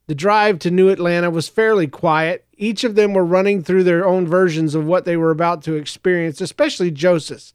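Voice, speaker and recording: A man narrating a story in a steady, even reading. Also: sits high, fairly quick, few pauses, smooth, no echo, studio quality. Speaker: audiobook narrator.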